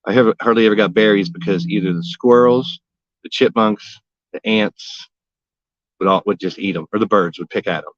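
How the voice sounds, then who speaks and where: A man's voice: lowish voice, normal speed, dry recording, muffled recording. A man hosting a casual gardening livestream from his backyard, talking in a folksy, rambling way and cracking jokes with old sayings. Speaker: gardening vlogger and livestream host. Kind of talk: casual live-stream chat.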